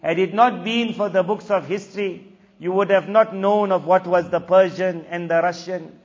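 A man's voice: high voice, steady tone, moderate pace. A man preaching a sermon, impassioned and scornful in turns, quoting Arabic verses. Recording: dull lo-fi audio in a long-reverb hall.

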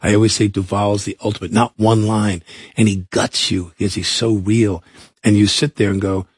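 A man's voice: fairly low pitch, level tone, moderate pace, breathy edge, no room sound, studio quality. A man who is a guest actor on an interview show. He talks animatedly, repeats himself and acts out voices. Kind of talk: casual interview talk.

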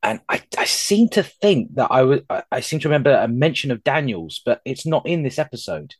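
A man's voice: medium pitch, very animated, brisk, husky, no room sound. A young man chats loosely as a podcast host, circling his points with ums and false starts. His voice sits in a middle range and the recording is close and dry, with no room around it. He pokes fun at himself as he goes. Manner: rambling, self-deprecating, many ums and restarts. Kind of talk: casual podcast chat.

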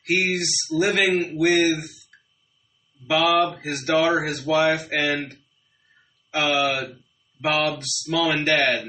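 A man's voice: a little high, level tone, extremely slow, long pauses, pushed and bright. A man co-hosting a casual family radio chat, making dry, teasing remarks. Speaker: radio show co-host. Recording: echoey room, mic at a distance.

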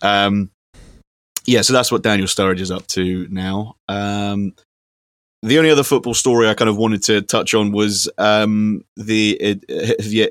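Low-voiced man in rambling casual chat. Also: a bit bright, no echo, studio quality. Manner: rambling, hesitant with many ums, reads facts aloud. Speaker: podcast co-host.

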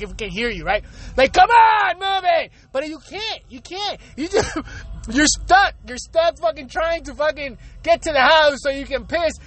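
A man's voice: extremely high pitch, fairly bright tone. A man hosting his own show, ranting from his car in traffic, swearing often, laughing and asking rhetorical questions. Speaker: show host. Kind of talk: profane comedic rant.

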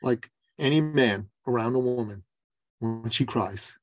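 A man in his forties, a business coach telling a story as a podcast guest, lively and acting out other people's lines. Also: medium pitch, a little slow, no room sound. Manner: lively storyteller who acts out quoted voices.

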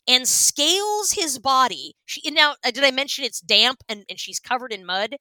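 High-voiced and moderately paced, she barely pauses as she spins an animated story on the podcast she co-hosts, using many fillers and acting out each quoted voice in casual conversation. She comes from Washington state, US, and there is no room sound.

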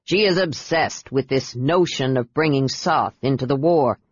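A reader voicing a gruff, good-humored male emperor who gives slow, authoritative orders. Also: medium pitch, no room sound, lo-fi sound, pitched below the performer's own voice. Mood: commanding.

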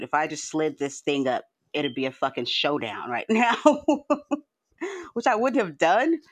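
Hosting a livestream indoors at home, a man with a fairly high, fairly bright voice rambles loosely, restarting words often and cursing without restraint. There's no reverb on the recording.

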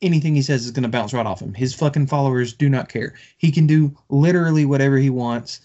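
A man's voice: medium pitch, fast talker, dark tone. A man co-hosting a podcast, ranting about politics in a casual, profane and passionate way with lots of restarts after a few drinks. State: has been drinking. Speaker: podcast co-host. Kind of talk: heated casual political rant. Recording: dull lo-fi podcast audio.

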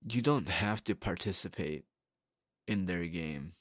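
A man's voice: low voice, lively intonation, a little slow, dry recording, clean studio sound. A young man hosting a solo podcast, rambling bluntly in casual talk and swearing freely. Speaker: podcast host.

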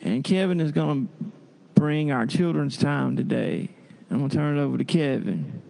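Pastor leading a church prayer; gravelly, mellow man, slow liturgical cadence. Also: medium pitch, expressive. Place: church service.

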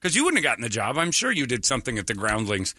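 Male radio host with a lively, swooping voice. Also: mid-range voice, rapid-fire, a crowd in the background. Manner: teasing, laughs often. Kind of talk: casual radio chat.

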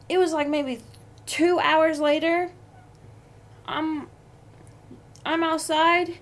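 A young woman talks through workplace drama on her podcast, swearing freely as she vents. Her voice sits high. She takes her time, drawing words out slowly. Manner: profane, venting, heated. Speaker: podcast host. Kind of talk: casual storytelling monologue.

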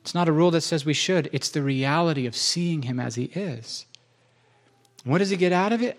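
A man's voice: fairly high pitch, normal speed. A man preaching a sermon in a church, enthusiastic and conversational, often restarting his sentences.

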